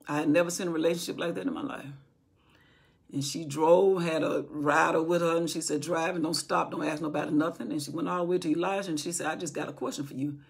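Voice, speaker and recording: A woman's voice: deep voice, fairly even intonation, quick pace, vocal fry, slightly rough. A woman telling a Bible story from memory in an informal teaching style, acting out what the people in it say. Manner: retells from memory, acting out quoted speech.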